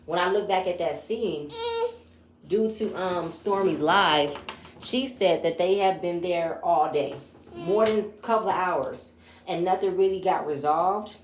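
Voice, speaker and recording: A woman's voice: on the low side, a little slow, a little hiss or hum. A woman giving a chatty, opinionated recap of a reality show, retelling scenes in her own words. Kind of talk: casual episode review. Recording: echoey room.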